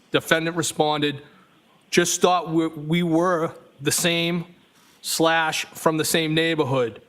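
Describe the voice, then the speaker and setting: A man testifying as a trial witness reads text messages aloud evenly, speaking the punctuation marks. His voice is fairly high and a bit bright.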